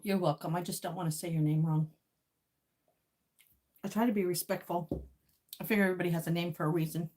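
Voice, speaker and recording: A woman's voice: lowish voice, steady tone, fast talker, long pauses, a little mellow. Woman livestream host, chatty and casual, greets viewers between bites.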